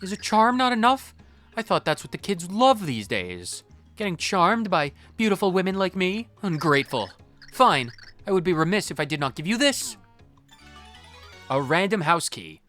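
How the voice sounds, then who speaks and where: A gamer putting on a vain, flirty shopkeeper woman who thinks herself charming, sing-song and theatrical. Her pitch swings widely, over faint game music. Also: very animated, normal speed, fairly bright tone. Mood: haughty. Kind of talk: reading game dialogue in voices.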